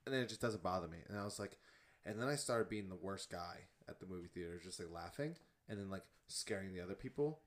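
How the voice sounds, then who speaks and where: A young man co-hosting a casual podcast, animated and laughing loudly, with the hiccups. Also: deep voice, fast. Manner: animated, laughs loudly, says bro and dude. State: has the hiccups. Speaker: podcast co-host. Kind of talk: casual chat.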